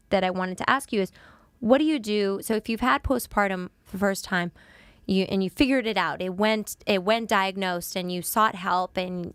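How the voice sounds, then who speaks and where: A woman's voice: medium pitch, clean tone, no echo. A woman hosting a casual interview, talking emphatically with frequent restarts. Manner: emphatic, rambling restarts, shifts to hushed seriousness. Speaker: talk show host.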